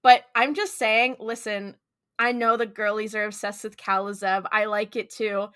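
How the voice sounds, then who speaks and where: A woman's voice: medium pitch, fairly even intonation, unhurried, fairly bright tone, clean tone. A woman co-hosting a podcast, joking and teasing in casual chat. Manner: playful, teasing banter. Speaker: podcast co-host.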